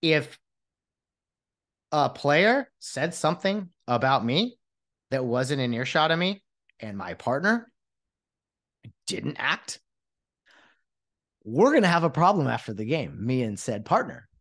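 A man's voice: medium pitch, sing-song, slow, long pauses, fairly bright tone. A man in his late thirties, a podcast host and former umpire, ranting with exasperation in a solo monologue, often restarting his sentences. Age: late 30s.

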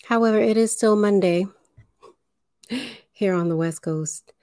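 A woman hosting a spiritual livestream, speaking deliberately, enunciating carefully and guiding listeners through breathing. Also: mid-range voice, mellow, dry recording, clean studio sound. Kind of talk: slow spiritual livestream talk.

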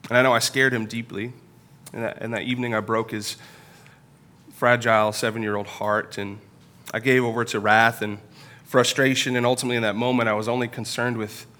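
A man in his thirties preaches a sermon from a church pulpit, his voice bright and forward. He tells personal stories in an earnest, confessional way, slowing and pausing as he goes. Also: medium pitch, little pitch movement. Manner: earnest, confessional storytelling with pauses. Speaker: pastor.

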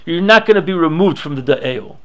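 A man leads a Torah class in a slightly high, sharp, expressive voice, talking a little fast. He reads Hebrew and Aramaic aloud, gives explanations in English, and thinks out loud with frequent restarts.

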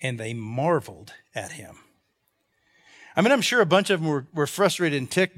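A pastor reads scripture, then explains it in plain, chatty speech at normal speed, often restarting his sentences. His high voice swings widely in pitch, and he animatedly acts out the people in the stories now and then.

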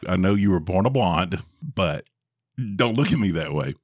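A middle-aged man co-hosting a podcast, telling a story in a dry, drawn-out way with wry emphasis. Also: deep voice, lively intonation, a little mellow, slightly rough, no room sound. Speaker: podcast co-host. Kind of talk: casual storytelling chat.

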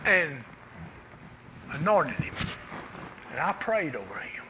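A man preaching with real fervor, his high, bright voice climbing and falling in wide swings. He leans hard into loud calls, then drops to near-whispers. A faint hum of room noise sits under him. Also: very animated, slow pace, poor audio. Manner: impassioned, swings from loud cries to quiet hushed lines. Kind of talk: sermon.

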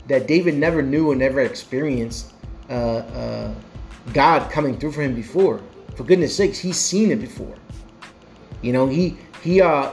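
A man giving a conversational sermon with passion and lots of repeated phrases. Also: a little high. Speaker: preacher. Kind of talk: casual sermon.

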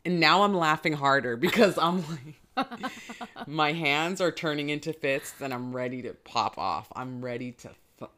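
Woman, low voice, animated storyteller, swears a lot, acts out quotes. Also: normal speed, few pauses. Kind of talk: casual storytelling chat.

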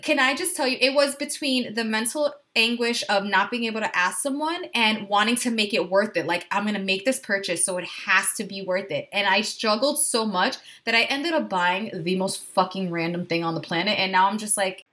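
A woman's voice: medium pitch, normal speed, few pauses, bright, forceful tone. A woman co-hosting a podcast in casual chat, telling anxious stories and swearing freely. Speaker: podcast co-host.

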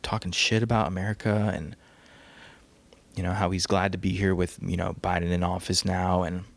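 A man with a low, gravelly voice hosts a casual solo podcast, rambling and crude, often laughing at his own jokes. His voice is recorded close and dry, with no room sound around it. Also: a little slow, no room sound. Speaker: podcast host. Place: home, on a couch.

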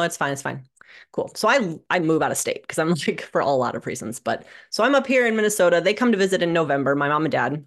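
Sardonic, animated woman telling her story. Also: low-pitched. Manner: animated, sardonic, swears freely. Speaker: podcast guest. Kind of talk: candid conversational storytelling. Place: living in Minnesota.

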